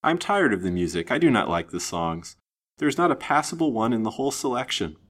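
A man's voice: mid-range voice, expressive, brisk, fairly bright tone, pitched above the performer's own voice. Mrs. Vance, a man playing a coquettish scheming lady. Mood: pettish. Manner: coaxing and pettish, then plaintive. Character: vain scheming young woman, coquettish and tearful. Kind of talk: storybook reading.

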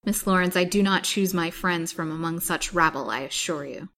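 A woman reading aloud speaks as an uneasy gentleman who bristles with stiff indignation and then grows abject and pleading. It stays close to the reader's own lowish voice, in a storybook style. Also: moderate pace, a little hiss or hum. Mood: indignant. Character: indignant, nervous gentleman suitor.

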